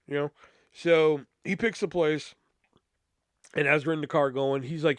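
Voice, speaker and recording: A man's voice: on the high side, fairly quick, no echo. A man hosting a podcast, casually telling a funny personal story in a profane, rambling way full of asides. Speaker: podcast host.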